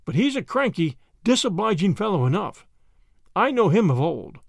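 A man reading a storybook aloud, voicing a quiet, courteous stranger who speaks calmly. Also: high voice, normal speed, creaky, no echo, clean studio sound, heavily acted. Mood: kind. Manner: quiet, calm.

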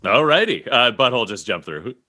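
Bright, lively low-voiced man playing a tabletop game. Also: a little fast. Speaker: player.

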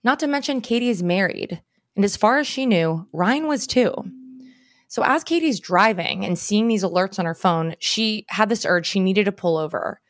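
A woman's voice: medium pitch, expressive, moderate pace, no echo, clean studio sound. A woman host narrating a true story conversationally, tossing in rhetorical questions. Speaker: podcast host. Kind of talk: scripted narration.

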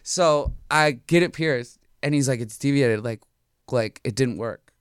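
A man's voice: mid-range voice, unhurried, clean tone, dry recording. A young man from Minnesota, a podcast guest telling stories in a rambling, slangy way full of filler words. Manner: rambling, slangy, lots of "like" and "dude". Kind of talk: casual chat.

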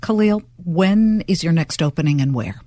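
A woman hosting a podcast interview, asking questions with quick, enthusiastic reactions. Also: on the low side, animated, mellow, no echo. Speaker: podcast host.

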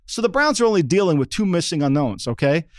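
A middle-aged man who once worked in an NFL front office co-hosts a football podcast, keeping the sports talk casual while he stresses and repeats his points with frequent "okay?" check-ins. His slightly high voice swings widely in pitch and moves fast, recorded in a studio with no echo.

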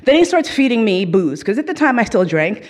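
A woman telling a comic story, swearing freely and laughing as she goes, with lively swings in her voice. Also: fairly high pitch, a little fast. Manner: profane, laughing through the telling.

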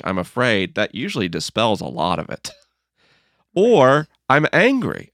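A man being interviewed about his book, telling stories in an earnest, gently humorous way and acting out his own inner dialogue. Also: mid-range voice, dry recording, clean studio sound. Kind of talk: reflective conversational storytelling.

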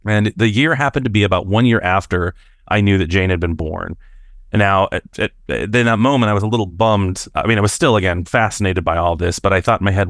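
A man's voice: lowish voice, fast, fairly bright tone, no echo, clean studio sound. A man from Washington State calling into a show, telling a story casually and chattily with many fillers and restarts. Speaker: caller.

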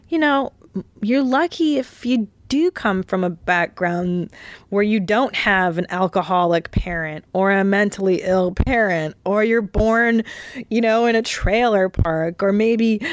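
A woman's voice: mid-range voice, no room sound. A woman hosting a casual solo podcast, talking in a rambling, chatty way with loose fillers, restarts and the odd swear word. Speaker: podcast host. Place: hotel room.

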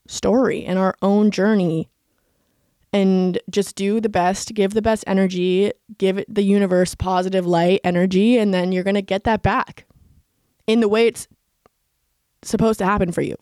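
A woman's voice: medium pitch, mellow, no room sound, clean studio sound. A young woman in her twenties hosting a solo podcast, talking in a chatty, confessional way full of "like" fillers. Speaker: podcast host.

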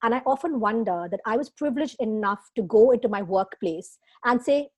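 A woman's voice: fairly high pitch, brisk, breathy edge. A woman guest in a casual interview, talking expressively with frequent fillers and laughs. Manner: expressive, emotional, laughs often, many fillers.

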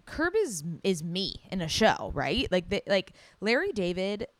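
A young woman hosting a solo podcast, chatting excitedly and gushing, with casual swearing. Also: mid-range voice, a little slow, no echo. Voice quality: loud. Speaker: podcast host.

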